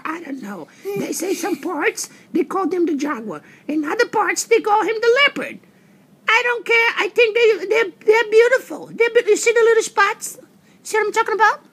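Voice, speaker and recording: A woman giving playful, rambling commentary as a pretend reporter, often bursting into excited shouts. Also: very high-pitched. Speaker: pretend reporter presenting a parade of animals. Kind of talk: playful home-video commentary.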